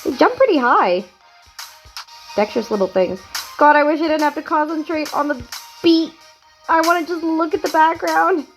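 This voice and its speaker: High-voiced giggly woman gushing over a game. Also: moderate pace, pauses often, soft background music. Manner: giggly, gushing, excitable reactions. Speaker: gaming video creator. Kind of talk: casual game commentary.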